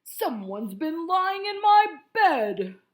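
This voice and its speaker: A blustering father bear, as a woman puts him on, roaring out each word slowly and loudly. The storybook voice stays fairly high but swings widely. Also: very animated, echoey room, heavily acted. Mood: indignant. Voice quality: roaring, booming.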